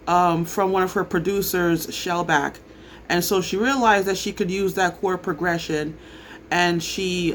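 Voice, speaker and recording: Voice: mid-range voice, fairly bright tone, a little hiss or hum. A person giving a casual spoken commentary, talking hesitantly with many filler ums and restarts. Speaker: entertainment commentator.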